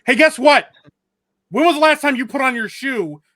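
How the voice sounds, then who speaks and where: A man from Michigan ranting with animated, profane humor in a casual podcast chat. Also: extremely high pitch, normal speed, no room sound, studio quality. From Michigan, USA.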